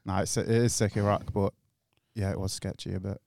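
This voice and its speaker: A young man with an English accent talks quickly and loosely, breaking into laughter as he tells his stories. The sound is dry and close, with no room around it. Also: low voice, little pitch movement, gravelly, darkish tone, no room sound. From England. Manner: rambling storyteller, laughs often, swears freely. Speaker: guest. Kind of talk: casual podcast chat. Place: podcast studio.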